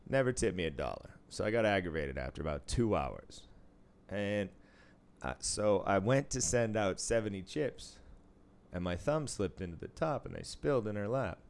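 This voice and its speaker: A man with a fairly low voice tells a story in casual chat. He talks bluntly and swears freely. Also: very animated, normal speed.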